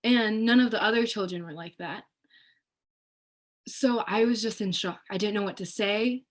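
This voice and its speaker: Young woman, student guest, casual personal storytelling, animated, quotes voices. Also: mid-range voice, moderate pace. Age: young adult. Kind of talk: personal storytelling on a live panel.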